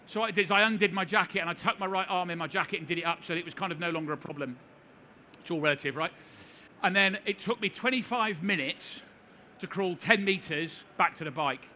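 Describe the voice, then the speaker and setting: Bright-voiced man telling a wry story. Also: high voice, a little hiss or hum. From United Kingdom. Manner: wry, self-deprecating humor. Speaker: seminar speaker. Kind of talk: storytelling talk to a live audience. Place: conference hall.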